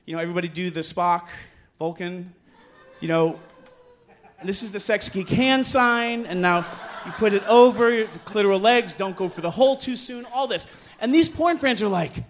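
A middle-aged man telling a bawdy story live on a bar stage, animated and self-mocking, jumping to loud high voices when he acts out what people said. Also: normal speed, a little hiss or hum.

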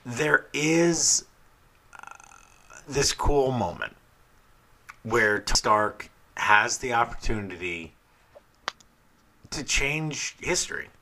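Young man, podcast co-host, casual and animated, bright forceful delivery. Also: medium pitch, slow, pauses often, a little hiss or hum. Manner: animated, swears freely, loud bursts when quoting scenes.

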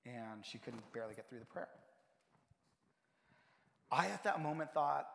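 A pastor preaching a sermon in a church, telling a personal story and building to emphatic points. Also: male voice, medium pitch, animated, unhurried, creaky, pauses often, fairly bright tone. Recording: long hall reverb.

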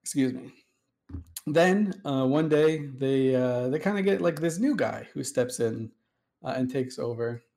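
A man with a mid-range voice telling a long story in relaxed conversation. He rambles and digresses as he goes. His pitch and energy are ordinary. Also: a little slow, creaky. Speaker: host. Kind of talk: casual storytelling chat.

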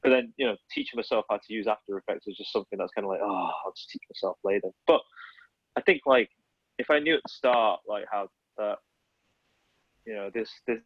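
A man's voice: fairly low pitch, fairly quick, pauses often, breathy edge, no echo, highs cut off. A man in his thirties, an illustrator, chatting casually in a podcast and rambling with many fillers and self-corrections. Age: 30s.

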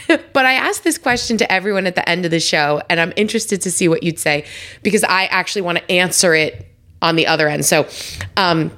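A woman's voice: fairly low pitch, a bit bright. Effusive woman hosting a podcast. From New York Italian American family. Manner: effusive, with many restarts and fillers. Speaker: podcast host. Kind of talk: casual interview chat.

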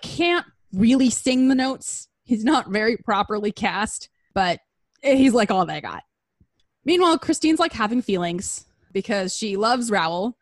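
A woman's voice: mid-range voice, no room sound. A woman hosting a comedy show, recapping a story in a crude, rambling, casual way. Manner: crude, rambling, lots of fillers.

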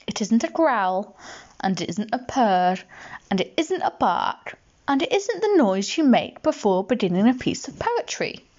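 A woman voicing a gentle, dreamy, slow-witted male toy bear in a storybook reading, in a soft, earnest, musing way. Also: on the high side, big pitch swings, lo-fi sound, full character voice. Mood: puzzled.

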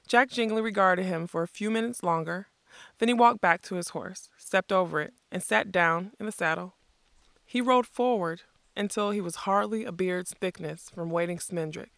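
A narrator reading a fantasy story aloud in a steady, measured way. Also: medium pitch, gravelly, no room sound, studio quality. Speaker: audiobook narrator.

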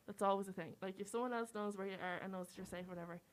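A woman's voice: mid-range voice, steady tone, very fast. Rambling young woman, casual. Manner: loose, rambling, filler-heavy talk. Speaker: podcast co-host. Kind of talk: casual chat.

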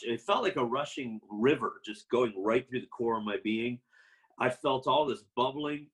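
A man's voice: medium pitch, a bit bright, low-quality recording. A man telling his personal faith testimony in a casual, rambling way, full of fillers and restarts, laughing now and then at himself.

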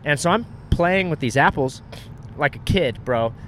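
A comedian on a road-trip podcast, animated and profane, acting out other people's lines in a high voice. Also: male voice, normal speed, a little hiss or hum. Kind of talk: casual road-trip storytelling.

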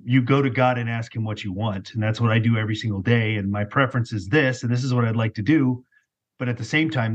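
A man's voice: mid-range voice, husky, highs cut off. A man guest on a podcast, candidly telling his own story in casual talk and often repeating words as he goes.

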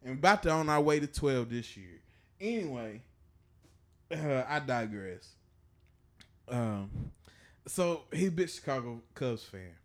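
A man's voice: mid-range voice, expressive, slow, pauses often. A man co-hosting a podcast, telling stories in a casual, profane way and laughing through them. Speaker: podcast co-host. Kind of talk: casual storytelling chat.

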